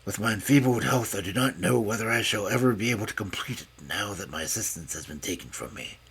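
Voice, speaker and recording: A man's voice: lowish voice, expressive, fast, a bit bright, slightly rough, voice pushed down, full character voice. A man voicing a frail old male scholar who speaks with a mincing, precise manner. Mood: fussy.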